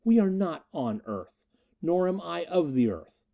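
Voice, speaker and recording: A man putting on the voice of a proud Martian woman, stern and scornful, with an intense, commanding edge. Her tone is mellow and low-lit, yet it moves up and down with lively pitch. This is an audiobook reading. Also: measured pace, gravelly, heavily acted.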